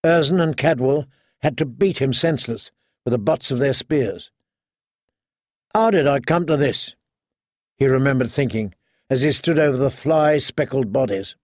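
A man reading a fantasy story aloud in measured, dramatic narration. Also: medium pitch, darkish tone, no room sound, studio quality. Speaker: audiobook narrator. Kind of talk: scripted narration.

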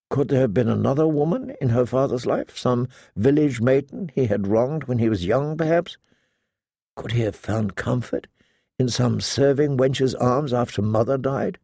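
A man narrating a fantasy audiobook in a measured, even storytelling manner. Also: mid-range voice, vocal fry, no room sound, clean studio sound.

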